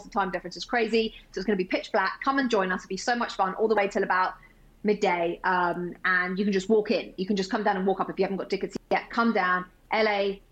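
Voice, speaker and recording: A woman's voice: mid-range voice, poor audio. An English woman chatting as a guest, bubbly and laughing often. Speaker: guest, sports TV presenter. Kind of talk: casual chat.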